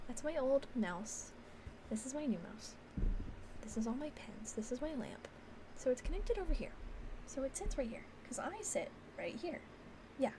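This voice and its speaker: A woman streamer chatting casually on a live stream, rambling and giggling, often dropping into soft whispers close to a desk microphone. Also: high-pitched, background noise. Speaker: ASMR streamer. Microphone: desk microphone on a stand.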